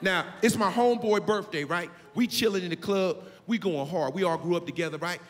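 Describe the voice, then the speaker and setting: A male stand-up comedian telling a story on stage in a loud, punchy, high-energy way. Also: brisk. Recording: live club hall with loud crowd.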